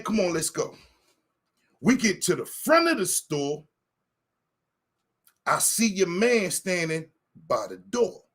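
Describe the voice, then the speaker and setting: A man telling a heated, profane story in a casual chat, acting out what he said. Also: high-pitched. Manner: heated, profane anecdote with acted-out quotes. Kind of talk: animated storytelling.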